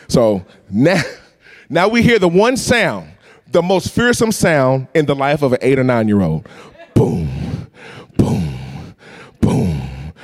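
A man preaching a storytelling sermon, animated and acting out voices and sounds. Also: medium pitch. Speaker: pastor.

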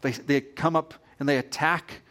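A male pastor delivering a sermon in an animated way, repeating phrases for emphasis. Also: fairly high pitch, moderate pace.

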